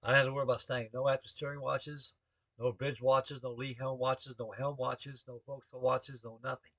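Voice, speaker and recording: A man's voice: medium pitch, little pitch movement, fairly quick, a bit bright, no room sound. Older man spinning a salty navy yarn. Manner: salty, folksy, heavy on navy jargon. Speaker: navy veteran telling a story. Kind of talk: rambling spoken anecdote to the camera.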